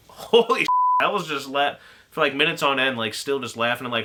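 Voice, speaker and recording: A man's voice: medium pitch, expressive, moderate pace, heavy background noise. A man giving a casual, rambling spoken film review, laughing often and acting out lines from the movie. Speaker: anime reviewer.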